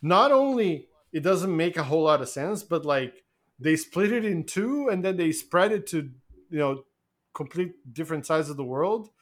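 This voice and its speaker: A man co-hosting a casual podcast, excitable and quick to laugh, often repeating words as he starts. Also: fairly high pitch. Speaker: podcast co-host. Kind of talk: casual chat.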